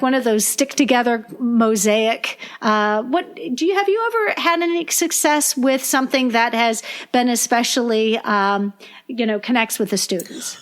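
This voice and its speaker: High-voiced, animated woman librarian. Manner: animated storyteller, acts out parents' complaints; frequent restarts and repeated words. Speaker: school librarian. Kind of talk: podcast conversation.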